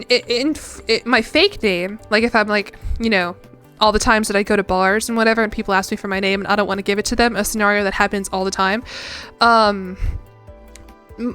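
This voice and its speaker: A woman's voice: on the high side, fairly bright tone, smooth. A young woman streamer chatting casually while playing a game, rambling and self-deprecating with frequent giggles. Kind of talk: casual chat while gaming.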